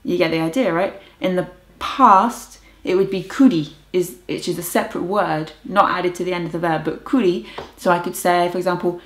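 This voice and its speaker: A woman's voice: on the low side, steady tone, a little fast. Chatty woman vlogging in a roomy space. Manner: chatty, enthusiastic, practicing foreign words aloud. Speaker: language learning vlogger. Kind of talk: casual vlog talk. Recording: roomy echo.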